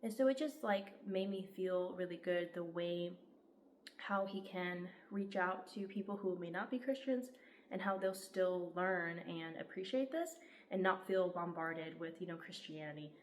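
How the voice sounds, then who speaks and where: A woman's voice: on the low side, moderate pace, slight background noise. A young woman gives an enthusiastic, heartfelt book review, peppered with "like". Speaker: book vlogger. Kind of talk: casual book review vlog.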